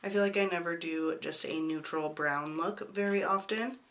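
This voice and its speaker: Casting note: young woman beauty vlogger, hoarse with a cold, slightly low voice, chatty and apologetic. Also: normal speed, a bit bright. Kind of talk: makeup tutorial talk.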